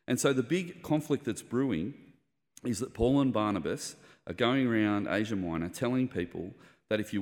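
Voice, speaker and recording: A man's voice: lowish voice, long reverb tail. A man preaching a sermon, explaining scripture in a conversational way. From Australia. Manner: conversational, explanatory, with lively retold quotes.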